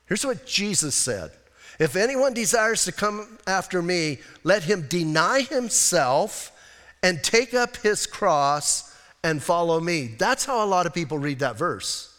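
A man preaching a sermon as a pastor, animated and conversational, with many rhetorical questions to his congregation. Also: high-pitched, a little slow, long reverb tail.

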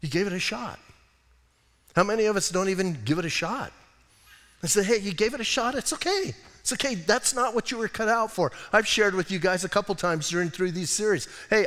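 High-voiced American pastor preaching in a reverberant church. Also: male voice. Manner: expressive preaching, swings from hushed to loud and emphatic. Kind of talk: sermon. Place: church sanctuary.

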